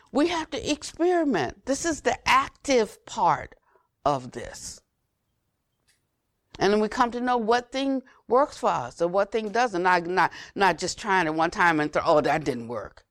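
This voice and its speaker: An older woman giving an unhurried Buddhist dharma talk, repeating phrases for emphasis and trailing to a near whisper at phrase ends. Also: a little high, lively intonation, no echo, studio quality. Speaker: Buddhist teacher.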